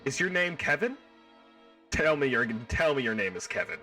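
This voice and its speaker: A man hosting a livestream, chatting casually with his viewers in an excitable, rambling way and riffing on the same joke over and over, his voice stuffed up and hoarse. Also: a little high, moderate pace, far from the mic, soft background music. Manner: excitable, rambling, riffs and repeats himself. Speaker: livestream host. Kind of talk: casual chat with live viewers.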